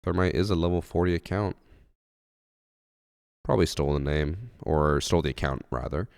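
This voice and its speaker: Very deep gravelly congested man. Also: moderate pace, a little mellow, dry recording, clean studio sound. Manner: chatty, answers chat, wry. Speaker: streamer. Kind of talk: casual livestream chat.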